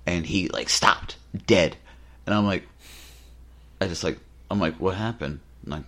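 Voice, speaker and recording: A man with a low, deep voice chats casually on a podcast. He spins animated anecdotes and slips into the voices of the people in them. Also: a little slow, vocal fry. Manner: animated, acts out quotes in his anecdotes. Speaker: podcast co-host. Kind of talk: casual storytelling chat.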